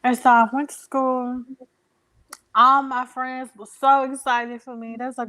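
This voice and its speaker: Emotional young woman, higher voice. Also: bright, forceful tone. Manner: emotional, halting, many fillers. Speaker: interview guest. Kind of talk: personal storytelling.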